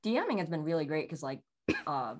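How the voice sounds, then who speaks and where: A woman with a notably low voice talks about running her tabletop game. She keeps a fairly flat, monotone delivery even when she sounds pleased. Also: brisk. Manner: self-described monotone. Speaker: game master. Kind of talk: casual chat.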